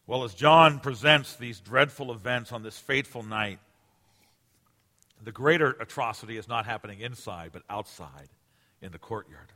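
A man in his forties delivers a sermon with a bright, forceful tone. He swings from ringing emphasis down to near-whispered asides. His voice carries the long reverb of a large church sanctuary. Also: mid-range voice, moderate pace. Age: 40s. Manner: emphatic, swinging from loud to hushed. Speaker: pastor.

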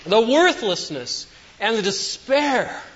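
A man preaching a sermon as pastor, swinging between loud emphatic declarations and hushed asides. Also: high-pitched, very animated, slow. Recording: dull lo-fi sound with long hall reverb.

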